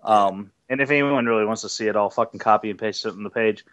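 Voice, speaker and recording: A man's voice: fairly low pitch, quick pace, a bit bright. A man co-hosting a podcast in casual chat, rambling and swearing with many restarts. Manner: rambling, profane, full of restarts. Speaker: podcast co-host. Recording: dull lo-fi audio.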